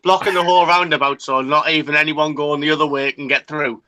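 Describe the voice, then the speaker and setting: Blunt Middlesbrough man, bright voice. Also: on the high side, steady tone, fast talker. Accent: Middlesbrough English. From Middlesbrough, England. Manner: blunt, sweary, dry banter. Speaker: podcast co-host. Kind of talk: casual chat.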